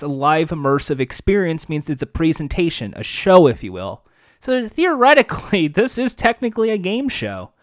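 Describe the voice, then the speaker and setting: Snarky guy riffing on the news, kinda high voice, swears a lot, dry close mic. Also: dry recording. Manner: sarcastic, rambling, swears often. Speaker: podcast host. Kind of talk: casual commentary reading news.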